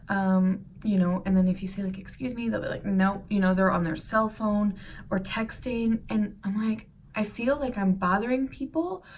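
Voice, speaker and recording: Chatty woman talking from a distance. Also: medium pitch. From United States. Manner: chatty, rambling with many fillers and restarts. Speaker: vlogger. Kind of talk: casual talk to camera.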